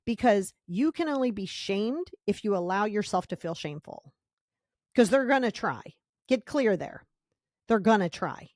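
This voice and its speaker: A woman's voice: mid-range voice, lively intonation, moderate pace, darkish tone, no echo, clean studio sound. A woman hosting a self-help podcast, talking emphatically, repeating key words for stress and acting out little scenes in quoted voices. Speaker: podcast host.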